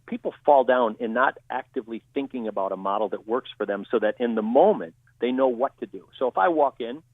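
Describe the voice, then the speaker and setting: A man who trains people in communication, answering interview questions in a steady, explanatory way. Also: medium pitch, fairly quick, no echo. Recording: tinny phone-line audio.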